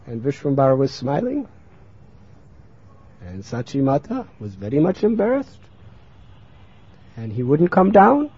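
A man telling a sacred story in a sermon, in an animated, expressive narrating manner, on a muffled lo-fi recording. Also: on the high side, slightly rough, dry recording. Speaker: religious storyteller.

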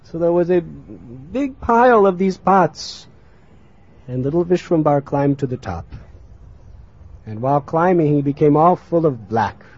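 A man telling a sacred story in a sermon, in an animated, expressive narrating manner, on a muffled lo-fi recording. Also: a little high, a little slow, husky. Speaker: religious storyteller.

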